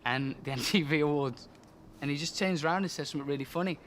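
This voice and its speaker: Backstage, a young man who is the subject's best friend and tour companion chats casually, earnest and talkative, acting out quotes while telling stories about his friend. His voice sits on the high side and is a little bright, he talks fast, and there's slight background noise.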